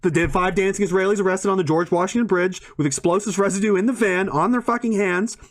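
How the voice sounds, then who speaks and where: A man's voice: high voice, quick pace. A man in a ranting monologue to an audience, swearing often, rambling and breaking into laughs mid-sentence.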